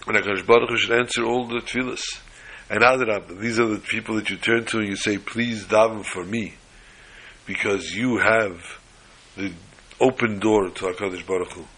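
Husky, emphatic male preacher. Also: lowish voice, steady tone, fairly quick, pushed and bright, low-quality recording. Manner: emphatic, repeating phrases and restarting. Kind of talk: sermon.

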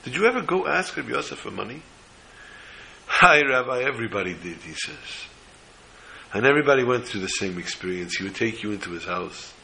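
Gravelly and mid-range, this man's voice moves a little fast on a low-quality recording. Preaching a religious story, he animatedly acts out each character's voice with emotion.

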